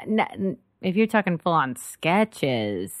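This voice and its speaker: A woman's voice: lowish voice, sing-song, takes it slowly, no room sound, studio quality. A woman appearing as a comedian guest, chatting casually with laid-back jokey asides.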